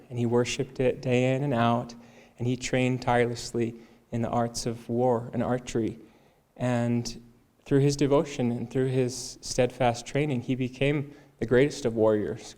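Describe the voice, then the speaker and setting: Man, mellow and even-toned, calm earnest sermon storyteller. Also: medium pitch. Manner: calm, earnest retelling of a devotional tale. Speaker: speaker at a Sunday service.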